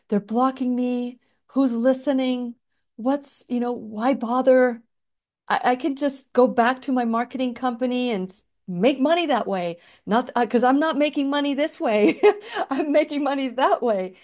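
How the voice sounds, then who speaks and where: Heartfelt woman radio host, mellow voice. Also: fairly high pitch. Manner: heartfelt, emotional, with restarts and small laughs. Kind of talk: reflective solo talk.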